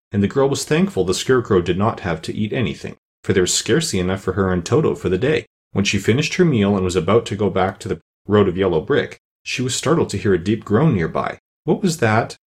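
A man narrating a children's storybook in a steady, even reading voice. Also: fairly low pitch. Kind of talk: audiobook narration.

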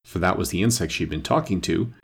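Gravelly man reading a storybook. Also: low voice, fast talker. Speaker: narrator.

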